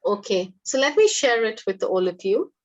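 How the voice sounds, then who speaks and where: A woman's voice: medium pitch, sing-song, moderate pace, dull audio. A woman teaching in a live online webinar, upbeat and encouraging, quizzing her audience. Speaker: English teacher hosting a webinar.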